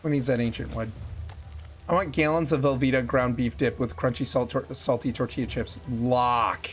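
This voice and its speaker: With game music in the background and a faint hiss or hum, a man with a steady mid-range voice chats with viewers at a moderate pace. He jokes around with chat through his headset mic while streaming gameplay.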